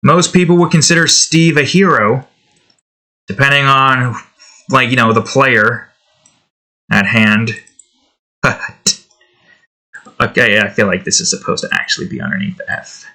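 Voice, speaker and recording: A man's voice: mid-range voice, a little slow, pauses often, pushed and bright. A young man chatting casually while he draws at home, rambling with lots of fillers and side comments. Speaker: digital artist and channel host. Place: at home indoors, with his cat nearby.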